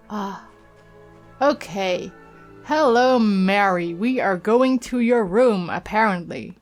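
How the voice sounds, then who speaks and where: A woman's voice: mid-range voice, animated, slow, soft background music. A woman hosting a let's play, commenting casually in a playful, easily flustered way.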